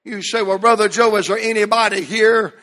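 A middle-aged man preaching a sermon with passion, drawing out key phrases and rising to a shout at points. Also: sits high, steady tone. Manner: impassioned, emphatic preaching with slowed, drawn-out phrases and occasional shouts.

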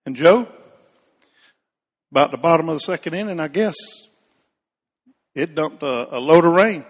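A man preaches in an easygoing, storytelling way, turning to name people in the pews as he goes. His voice sits a bit high and rings out with a long echo through the sanctuary. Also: lively intonation, normal speed. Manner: folksy, addresses congregation members by name. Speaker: Baptist pastor. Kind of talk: storytelling sermon.

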